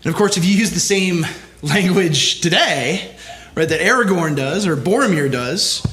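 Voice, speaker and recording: This pastor's conference talk is emphatic, each line tagged with a quick "right?" for the crowd. He has a high-pitched, somewhat bright voice with lively intonation and a moderate pace.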